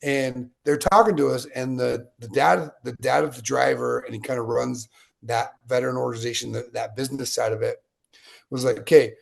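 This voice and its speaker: Late-30s man from Utah, mid-pitch and gravelly, conversational and digressive, an interview guest. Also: fairly even intonation, normal speed. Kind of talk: casual storytelling interview.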